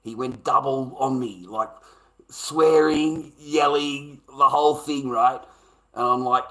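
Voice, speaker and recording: A middle-aged Australian livestreamer, profane and rambling, laughs his way through a casual storytelling rant. His medium-pitched voice is pushed and bright, steady in tone, and a little slow. The recording quality is low.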